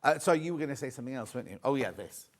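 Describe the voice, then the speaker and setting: A man's voice: medium pitch, expressive, racing, a little hiss or hum. A man presenting on a live shopping channel, chatty and rambling with joking asides.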